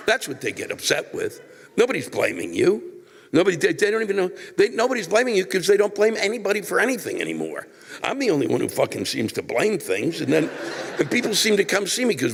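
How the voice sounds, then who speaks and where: Profane ranting older man, gravelly voice. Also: on the high side, big pitch swings, a little fast, long reverb tail. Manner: ranting, profane, exasperated outbursts. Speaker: comedian. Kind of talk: stand-up rant answering a viewer letter.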